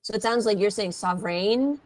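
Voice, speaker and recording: A woman's voice: low-pitched, takes it slowly. A woman tutoring English vocabulary, explaining patiently with many fillers. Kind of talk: slow, careful vocabulary teaching.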